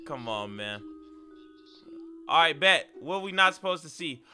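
A young man reacting to scary clips, excitable and full of slang, yelping and shouting at the scares. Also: fairly high pitch, a little slow, long pauses, over music. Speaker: video reaction host.

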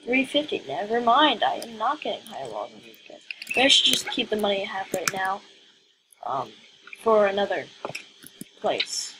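A woman's voice: mid-range voice, sing-song, normal speed, pauses often, noisy background. A woman giving casual let's-play commentary, rambling and questioning herself aloud as she plays. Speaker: gaming video creator.

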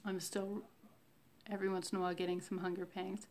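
A woman talking slowly and reflectively in a casual faith diary, with many fillers and pauses. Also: medium pitch, flat delivery, a little mellow, slight background noise. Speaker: vlogger sharing a fasting diary.

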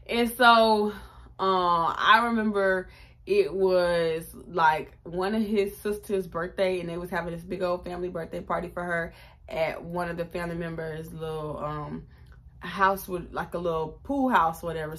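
A woman, chatting casually through a storytime and jumping up in pitch to act out quotes. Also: a little slow. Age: 20s. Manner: animated, chatty, acts out quotes with raised pitch. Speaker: vlogger.

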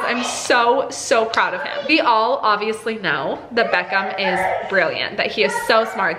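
A woman vlogging at home as a mother, talking excitedly and directly to her viewers. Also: a little high, background noise. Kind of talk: casual chat to camera. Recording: roomy echo.

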